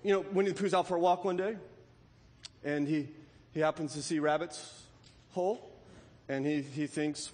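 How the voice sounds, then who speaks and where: An emphatic male pastor preaching a sermon, his voice pitched high for a man. He keeps checking in with the congregation. A long hall reverb trails his words through a large church sanctuary. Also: normal speed, pauses often, a little mellow. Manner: emphatic, keeps asking "right?".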